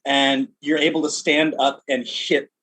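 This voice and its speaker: A man narrating a tabletop role-playing game as game master, in an animated, casual way. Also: on the high side, unhurried, poor audio.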